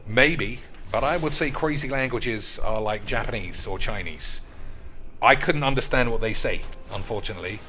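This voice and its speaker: Rowdy man, lively sing-song delivery. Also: a little slow, faint music behind. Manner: rowdy, crude, keeps calling out to "boys"; swings into loud high outbursts. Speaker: streamer. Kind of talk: casual gaming commentary.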